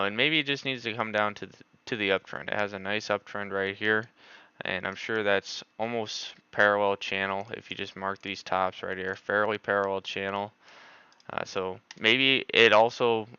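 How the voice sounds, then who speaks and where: A man's voice: fairly low pitch, sharp tone, smooth, no echo, highs cut off. A man doing live stock market analysis on a stream, thinking aloud with many filler words.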